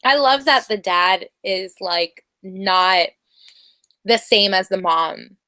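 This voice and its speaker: A woman's voice: mid-range voice, slow pace, pushed and bright, dry recording. A young woman chatting casually as a drama reviewer, bubbly and giggly, with lots of "like.". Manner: bubbly and giggly, heavy use of "like". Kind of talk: casual chat.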